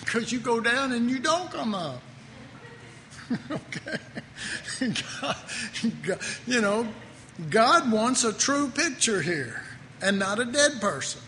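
A man's voice: very high voice, sing-song, takes it slowly, pauses often, bright, forceful tone. A man preaching a sermon in a loose, conversational way, often breaking off and chuckling at his own asides. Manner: conversational, self-interrupting, laughs at own jokes. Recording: echoey hall, faint noise.

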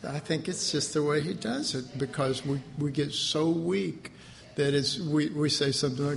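Gravelly-voiced man preaching casually. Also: on the high side, normal speed, slight background noise. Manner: folksy, laughing, acts out quoted voices. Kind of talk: conversational sermon.

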